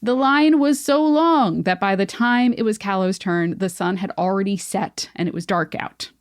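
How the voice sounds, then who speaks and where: A woman's voice: mid-range voice, normal speed, no echo, studio quality. A woman podcast host retelling a folktale in playful, joking casual chat.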